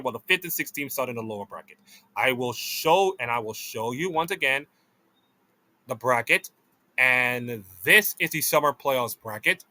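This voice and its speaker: Excitable Jamaican man gushing over esports. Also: medium pitch. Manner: excitable, gushing, swings between loud delight and muttered asides. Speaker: esports commentator. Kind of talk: reaction commentary vlog. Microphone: desk mic, webcam off.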